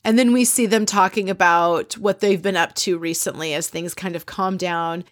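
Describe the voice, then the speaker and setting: On the low side and at normal speed, this podcast host's voice comes through with no room sound. She gossips chattily through a reality TV episode recap, quoting the people involved in animated asides.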